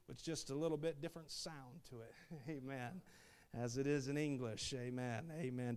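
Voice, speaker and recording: A man's voice: medium pitch, moderate pace. Folksy male preacher calling "Amen". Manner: folksy, many "uh" fillers, rising to loud "Amen" calls. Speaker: missionary preacher. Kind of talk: sermon.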